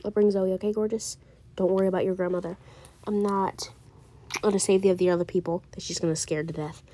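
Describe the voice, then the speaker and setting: A woman voicing a young husband who gently reassures his wife and keeps repeating himself, in an amateur role-play drama. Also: mid-range voice, fairly even intonation, brisk, pitched below the performer's own voice, close to an everyday voice. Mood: soothing. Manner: soothing, insistent, repeats himself.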